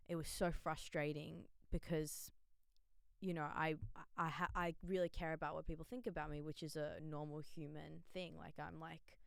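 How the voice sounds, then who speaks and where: A young woman speaks in a casual vlog, open and chatty, and fills her talk with "like". Her voice is low and strikingly smooth. The sound is dry and close, with no room echo. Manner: chatty and candid, many "like" fillers, laughs easily. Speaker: vlogger sharing her faith story. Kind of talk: casual spoken testimony.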